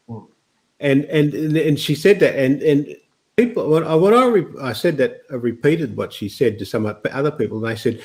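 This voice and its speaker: A man's voice: medium pitch, a little mellow. Middle-aged Australian man hosting a panel, stop-start delivery, mid-range voice. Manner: halting, many restarts, laughs easily. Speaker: host. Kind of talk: casual panel chat.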